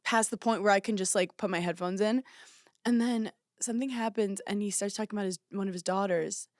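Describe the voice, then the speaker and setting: A young woman co-hosting a podcast, telling an animated anecdote in casual chat and breaking into giggles. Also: medium pitch, fairly quick, no room sound, studio quality. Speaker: podcast co-host.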